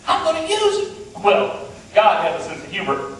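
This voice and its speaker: A middle-aged storyteller with a West Virginian Appalachian accent tells a humorous tall tale in a folksy, playful, self-deprecating way. His voice sits high and a bit bright, with wildly swooping pitch and a moderate pace. He's recorded from far off in an echoey hall.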